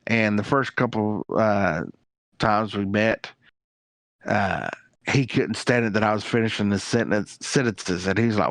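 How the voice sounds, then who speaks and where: A man's voice: fairly low pitch, a little slow, a bit bright, no room sound. A man who is a guest on an interview show, telling rambling, plain-spoken stories about his family. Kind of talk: casual interview chat.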